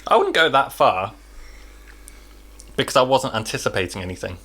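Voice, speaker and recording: A young man chatting on a podcast with a bright, lively voice. His pitch swings freely as he teases his co-hosts. The tone stays playful and quick to joke. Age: young adult. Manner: playful, teasing. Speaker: podcast co-host. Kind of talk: casual chat.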